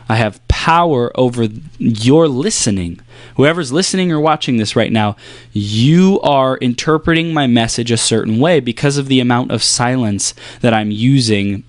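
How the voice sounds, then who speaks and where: A man giving a motivational coaching talk, emphatic and repetitive, playing with pace and long pauses. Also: mid-range voice, no room sound. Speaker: performance coach.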